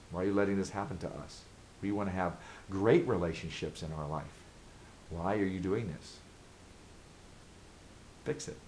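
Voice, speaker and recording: A man with a notably deep voice talks straight to his viewers in an advice vlog. He is earnest and emphatic, circling back again and again to the same pointed questions. A faint hiss sits under the recording. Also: darkish tone, rough recording. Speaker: vlogger giving advice. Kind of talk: direct-to-camera advice monologue.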